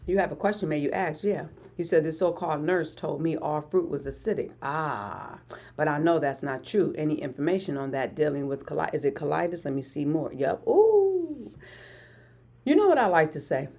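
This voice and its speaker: A woman in her forties hosting a hyped motivational live stream, energetic and repeating phrases for emphasis. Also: low-pitched, fairly quick, creaky. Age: 40s. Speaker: motivational livestream host.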